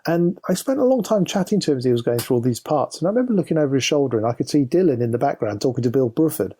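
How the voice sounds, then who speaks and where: An English man telling stories as a musician guest in a casual interview, chatty and animated when he quotes others. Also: medium pitch, racing, husky.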